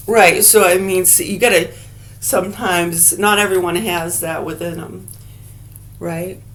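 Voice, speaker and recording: A woman's voice: on the low side, fairly even intonation, unhurried, a bit bright. A woman vlogging straight to camera in a blunt, profane rant with rambling casual asides.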